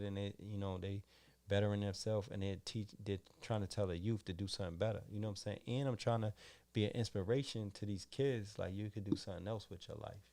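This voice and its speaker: A man from Boston with a lowish voice, talking casually as a podcast host. He rambles through his thoughts and keeps adding "you know what I'm saying". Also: mellow. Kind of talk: casual interview chat.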